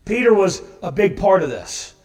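A male pastor delivering a sermon with a fairly high voice, animated and storytelling, acting out the lines he quotes. He often repeats words as he finds his way. Recorded in an echoey church space. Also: normal speed.

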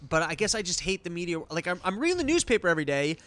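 A man's voice: high-pitched, very animated, rapid-fire, a bit bright. A man hosting a podcast, ranting and swearing in casual chat. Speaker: podcast host.

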